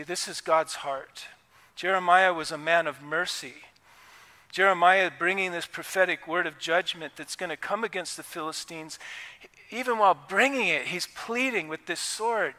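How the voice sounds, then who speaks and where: A man's voice: high voice, bright, forceful tone, long reverb tail. A man giving a conversational, impassioned sermon as pastor in a church. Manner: impassioned, conversational preaching with acted quotes. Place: church sanctuary.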